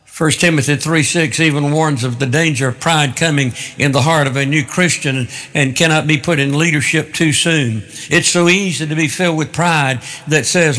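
A male pastor delivers an emphatic sermon, building his points through repetition. His voice is bright and slightly high, and a long sanctuary reverb hangs after every phrase. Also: moderate pace. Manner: emphatic, repetitive preaching cadence.

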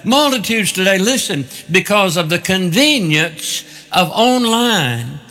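A man's voice: high voice, big pitch swings, slow, sharp tone. Emphatic male preacher in an echoing hall. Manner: emphatic, repetitive preaching cadence. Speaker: pastor. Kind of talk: sermon. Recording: long hall reverb.

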